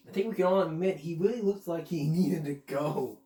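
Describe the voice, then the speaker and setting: A man's voice: high voice, moderate pace, few pauses, warm tone. Giggly male host, casual commentary, roomy sound. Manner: giggly, laughs constantly. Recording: roomy echo.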